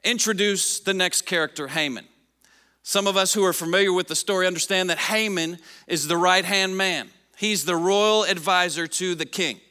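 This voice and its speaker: A man preaching a sermon, reading scripture aloud and repeating key lines for emphasis, his voice dropping low at the ends of phrases. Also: normal speed, bright, forceful tone, clean tone, big-room sound. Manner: reads scripture aloud to the congregation. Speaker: pastor.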